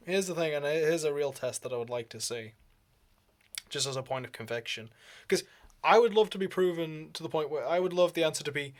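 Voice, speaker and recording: A man's voice: on the high side, fairly quick. A man talking in a rambling, casual vlog, laughing often and swearing freely. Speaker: vlogger.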